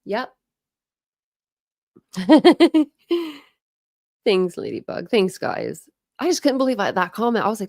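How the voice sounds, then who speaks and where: A woman in her thirties chatting casually with viewers on a livestream from home, frank and quick to laugh, thanking commenters by name. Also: medium pitch, very animated, vocal fry, darkish tone, no echo, studio quality. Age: 30s. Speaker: livestream host. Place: home, indoors.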